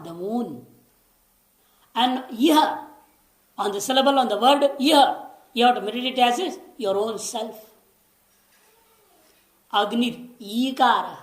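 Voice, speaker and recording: A woman with a slightly high voice leads a scripture class, patiently explaining and repeating each key word, now and then slowly chanting a Sanskrit line. Her voice rings out in a roomy, echoey space. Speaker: scripture teacher. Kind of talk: lecture on scripture.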